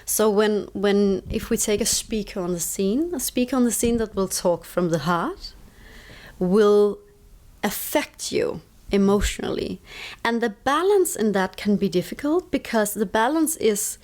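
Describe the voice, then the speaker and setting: A woman's voice: medium pitch, measured pace, darkish tone. A woman with a Danish accent and Danish as her first language, a guest explaining her ideas on stress in an interview, stressing points by repeating words. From Denmark. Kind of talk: reflective conversational explaining.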